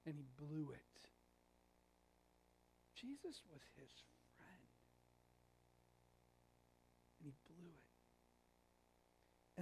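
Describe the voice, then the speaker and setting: High-voiced, gravelly preacher man. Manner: conversational, animated storytelling with jokes. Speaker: pastor. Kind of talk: sermon. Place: church sanctuary.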